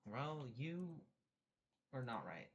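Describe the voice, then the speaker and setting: A man co-hosting a podcast, needling his partner with deadpan teasing. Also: medium pitch, takes it slowly, highs cut off, a little hiss or hum. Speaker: podcast co-host. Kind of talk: casual podcast banter.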